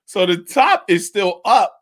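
A young adult man chatting casually, telling an animated, profane story and laughing often. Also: sits high, measured pace, no echo, clean studio sound.

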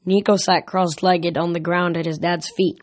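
A man's voice: sits high, little pitch movement, moderate pace, no echo. A man reading a novel aloud casually, with small slips and restarts. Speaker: audiobook reader. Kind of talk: amateur audiobook reading.

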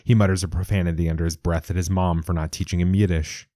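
Deep, dark-toned male storyteller. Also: dry recording, studio quality. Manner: measured, even storytelling. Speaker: narrator. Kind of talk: scripted audiobook narration.

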